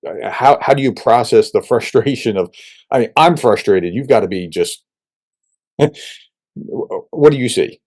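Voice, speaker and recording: A man's voice: mid-range voice, animated, measured pace, darkish tone. A man hosting a conversational interview, informal and emphatic, asking long rambling questions. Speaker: host.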